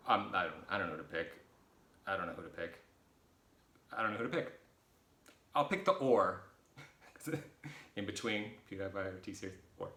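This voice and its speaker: A middle-aged American man answers viewer questions in a casual, rambling vlog filmed at his boyfriend's home. His lowish voice sounds pushed and bright in a roomy space, and he's chatty and self-deprecating, tossing in jokey asides.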